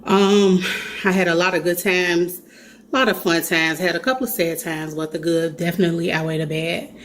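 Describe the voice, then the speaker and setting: Brief: thirties Chicago woman, casual vlog host, earnest and chatty, slightly low pitch, faint background noise. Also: steady tone, normal speed. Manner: earnest, chatty, addresses viewers as y'all. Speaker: vlogger.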